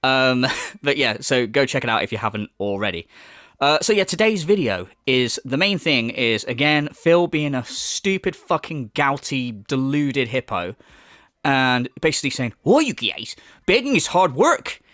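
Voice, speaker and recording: A man's voice: mid-range voice, lively intonation, moderate pace, sharp tone, dry recording, studio quality. Mocking man ranting. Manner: crude, mocking, laughs between jabs. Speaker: commentary YouTuber. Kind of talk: ranting commentary.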